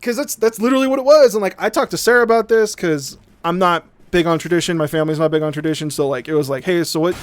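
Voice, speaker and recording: A man's voice: high voice, fast talker, few pauses. A man streaming a game, telling a long, rambling, profane story in casual chat. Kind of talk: casual storytelling while gaming.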